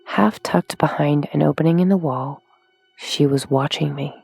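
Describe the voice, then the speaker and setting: A woman narrating a horror story in a hushed, drawn-out way, sometimes dropping to a whisper. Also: deep voice, gravelly, soft background music. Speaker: audiobook narrator.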